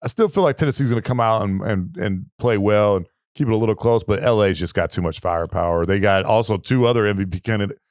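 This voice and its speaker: A man's voice: on the low side, quick pace, hardly any pauses, a little mellow, no echo, clean studio sound. A man co-hosting a sports podcast in loose, jokey casual chat, swearing now and then. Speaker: podcast co-host.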